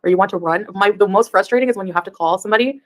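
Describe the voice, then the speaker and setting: Fast-talking chatty woman streamer. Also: mid-range voice. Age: 30s. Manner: chatty, rambling, laughs often. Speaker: YouTube reaction streamer. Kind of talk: casual livestream chat.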